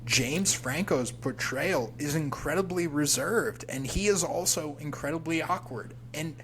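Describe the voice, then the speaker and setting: A man's voice: fairly high pitch, a little slow, a bit bright, a little hiss or hum, poor audio. A man co-hosting a movie podcast, chatting casually and giving enthusiastic, opinionated takes. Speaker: podcast co-host.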